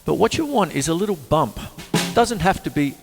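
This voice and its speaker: An older man hosting a casual drum lesson, chatty and singing rhythms out loud as he plays. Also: fairly high pitch, sing-song, normal speed, gravelly, loud music behind the voice. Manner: chatty, sings rhythms aloud. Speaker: drum teacher and show host. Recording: reverberant room with drums.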